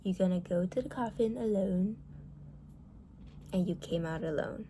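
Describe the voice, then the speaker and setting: A woman's voice: on the low side, normal speed, warm tone, a little hiss or hum. A woman venting about relationships in a casual monologue, blunt and heated, swearing often and filling her talk with "like".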